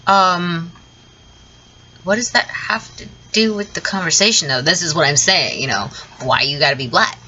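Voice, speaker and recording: A woman's voice: on the low side, moderate pace, sharp tone, dull audio, a little hiss or hum. A woman from the southern United States, ranting her opinions in a vlog, blunt and profane, laughing often between points. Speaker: vlogger. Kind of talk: opinion rant to camera.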